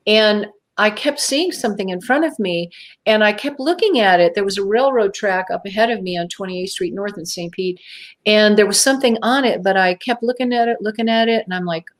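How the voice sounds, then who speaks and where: A woman's voice: medium pitch, fairly quick. Woman recounting a strange encounter. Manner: animated storytelling, acts out her own past thoughts. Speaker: guest. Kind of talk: telling a personal encounter story.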